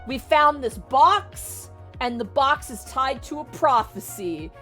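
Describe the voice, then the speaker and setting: A woman's voice: lively intonation, slow, sharp tone, soft background music, exaggerated voice. Woman doing a manic male warrior-priest. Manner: booming, overexcited proclamations. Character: unhinged zealous male warrior-priest, loud.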